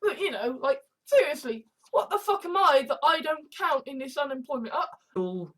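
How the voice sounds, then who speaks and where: A woman's voice: high voice, animated, normal speed, fairly bright tone. Swearing, exasperated woman vlogger. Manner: profane, exasperated, rambling. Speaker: YouTube vlogger. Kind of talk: casual vlog monologue.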